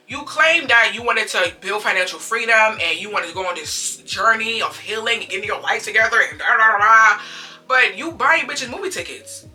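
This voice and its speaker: A woman telling a story in a casual storytime vlog, animated and blunt, swearing freely and acting out what people said. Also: mid-range voice, recorded from a distance.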